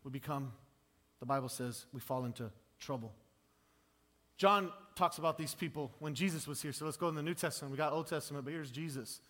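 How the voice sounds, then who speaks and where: Male pastor, higher voice, chatty sermon style, plays out quotes with humor. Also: brisk, a bit bright. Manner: conversational, self-deprecating, acts out quoted voices.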